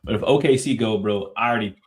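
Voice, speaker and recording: A man co-hosting a casual sports podcast, talking in a relaxed, slangy way with drawn-out fillers. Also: on the low side. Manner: laid-back, slangy, drawn-out filler words. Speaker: podcast co-host.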